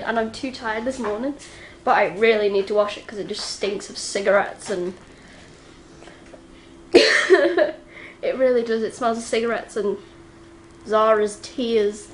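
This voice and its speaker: A high-pitched teenage girl chats into a handheld camera, exhausted and rambling, with lots of giggles and false starts. The clip is a casual home video diary. A clear hiss of room noise sits under her voice. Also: fairly bright tone. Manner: rambling, giggly, many restarts. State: very tired after a night out. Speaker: vlogger. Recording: noisy home ambience.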